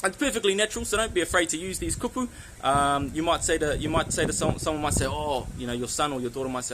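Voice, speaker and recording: A man with a New Zealand accent giving a casual spoken lesson, friendly and chatty, slowing down on words for the listener to repeat. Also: a little high, background noise. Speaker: language teacher.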